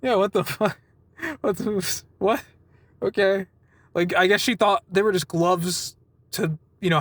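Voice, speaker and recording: A man's voice: sits high, dry recording. A man giving a casual, rambling vlog update. He swears freely, laughs through his stories and keeps wandering off topic. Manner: wandering, self-interrupting storytelling. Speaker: vlogger.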